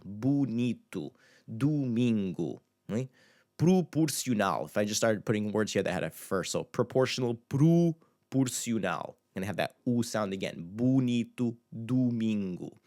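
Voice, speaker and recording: A man teaching a language lesson in a relaxed, casual way, repeating words slowly to model their sounds. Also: on the low side.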